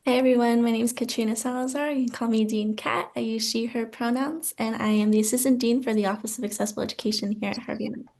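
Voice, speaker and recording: A woman's voice: on the high side, steady tone, fast, hardly any pauses, a little mellow. A woman, an assistant dean, moderating a panel in an upbeat way.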